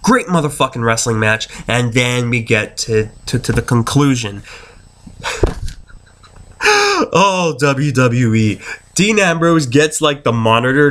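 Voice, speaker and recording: A man's voice: fairly high pitch, fairly bright tone. A man giving an angry, profane, exasperated ranting review of a wrestling show.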